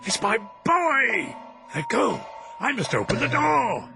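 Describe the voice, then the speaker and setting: A man's voice: extremely high pitch, wildly swooping pitch, slow, gravelly, music in the background, voice pushed up, full character voice. A man voicing a frantic, grieving old woman who cries out desperately. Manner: crying out desperately.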